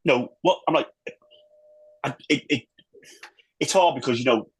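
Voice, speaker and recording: A husky-voiced man talks football as a podcast guest. He is animated and rambling, doubles back on himself constantly, and drops the odd swear. His voice sits in an ordinary male middle register. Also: mid-range voice, unhurried, poor audio. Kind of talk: casual chat.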